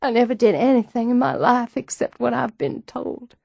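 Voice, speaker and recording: A woman's voice: on the high side, animated, vocal fry, dark tone, no room sound. Woman reading Jane, a tearful young woman. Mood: distraught. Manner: halting, emotional confession. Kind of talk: audiobook dialogue.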